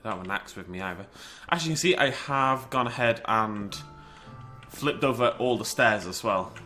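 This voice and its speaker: A young man with a cold, hosting a casual game commentary, chatty and self-mocking, jumping to high yelps when startled. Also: moderate pace, sharp tone, soft background music. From United Kingdom. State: has a cold. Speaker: gaming channel host. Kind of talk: casual Minecraft let's play commentary.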